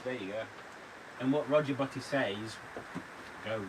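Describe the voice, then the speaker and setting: A man's voice: mid-range voice, moderate pace, a little hiss or hum, rough recording. A British man chatting easily and chuckling in casual livestream banter in a caravan. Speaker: livestream guest.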